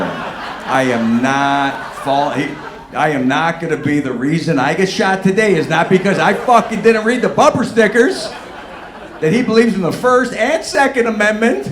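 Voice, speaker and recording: A man doing a stand-up routine, ranting with profanity, swinging between low mutters and near-shouts. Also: moderate pace. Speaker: stand-up comedian. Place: comedy club stage with audience laughter. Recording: echoey live room with faint noise.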